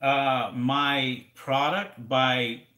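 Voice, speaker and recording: A man's voice: medium pitch, fairly even intonation, drawn-out words, bright, forceful tone, reverberant. A man hosting a casual live question-and-answer stream, rambling and repeating words as he talks straight to his viewers. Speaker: livestream host answering seller questions.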